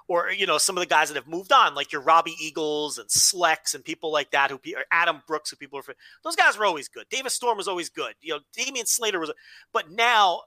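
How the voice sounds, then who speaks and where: A man co-hosting a podcast in rambling, animated casual chat, with frequent restarts and swearing. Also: on the high side, no echo. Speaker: podcast co-host.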